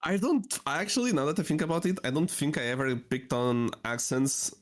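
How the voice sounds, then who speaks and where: A man from Portugal with a strong Portuguese accent, chatting casually as a podcast co-host and pausing to search for English words. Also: on the high side. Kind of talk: casual chat.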